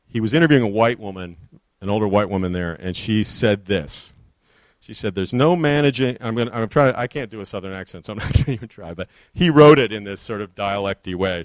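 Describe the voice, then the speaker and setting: Man, low voice, dry close sound, author's history talk, earnest storyteller. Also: dry recording. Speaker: author giving a book talk.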